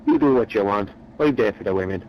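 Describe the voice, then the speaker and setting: A low-pitched man rambles through a joke, chatty and meandering, often repeating himself. The recording is dull and lo-fi. A faint engine hum sits behind him. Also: fast. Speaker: storyteller.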